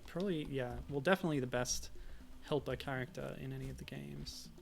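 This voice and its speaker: Gravelly guy rambling while he plays a game, faint music behind. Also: mid-range voice, fairly quick. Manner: rambling, self-deprecating. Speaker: streamer. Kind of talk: casual let's-play chat.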